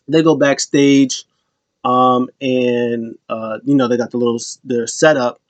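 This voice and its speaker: A man's voice: mid-range voice, fairly even intonation, a little slow, dry recording, dull audio. A man giving a casual, rambling wrestling recap and acting out what people said. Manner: loose, rambling retelling that acts out quotes.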